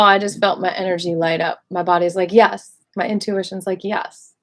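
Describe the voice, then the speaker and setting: A woman leading a qigong meditation class, speaking in a gentle, affirming way and often repeating her cues. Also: fairly low pitch. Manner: gentle, affirming, repetitive coaching. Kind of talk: guided meditation instruction.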